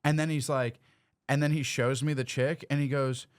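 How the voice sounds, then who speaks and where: A man's voice: medium pitch, flat delivery, normal speed, clean tone, no room sound, clean studio sound. A man hosting a comedy podcast, telling a story with acted quotes and laughing often in casual banter. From United States.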